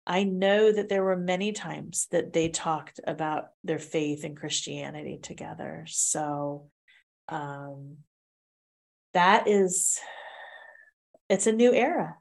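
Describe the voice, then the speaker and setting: A woman co-hosting a relaxed talk show, chatting in a lively, storytelling way. Her voice sits a little low for a woman. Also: slow pace, vocal fry. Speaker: co-host. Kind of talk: casual chat.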